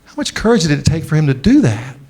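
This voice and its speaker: A middle-aged man giving a conference keynote speech. He tells a personal story and often slows down and drops his voice for the emotional moments. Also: on the high side, sing-song, a little mellow, breathy edge. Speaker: keynote speaker. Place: large conference venue.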